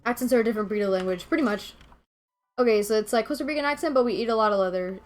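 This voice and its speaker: A woman in her twenties from Venezuela, a game streamer chatting casually and rambling with her viewers, quick to laugh. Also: fairly high pitch, soft background music.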